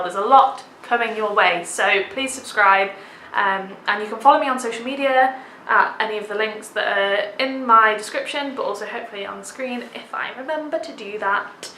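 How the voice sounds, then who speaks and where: A woman's voice: medium pitch, bright, forceful tone, reverberant, slight background noise, low-quality recording. A young woman vlogging a theatre review, gushing with enthusiasm and dropping lots of "like"s. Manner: gushing, enthusiastic, many filler "like"s. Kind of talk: casual theatre review vlog.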